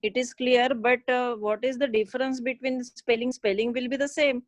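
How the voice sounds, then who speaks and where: A woman's voice: fairly high pitch, level tone, normal speed, dry recording. A woman student asking the teacher a question hesitantly, with many fillers, from some distance away from the mic. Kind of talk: classroom question.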